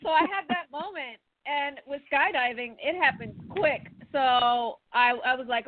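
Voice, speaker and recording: A woman hosting a talk show in casual chat, telling stories with animated acted-out reactions. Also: high voice, measured pace, few pauses, a little hiss or hum. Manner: animated storyteller, acts out her own panicked thoughts. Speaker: podcast host. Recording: dry phone-like line.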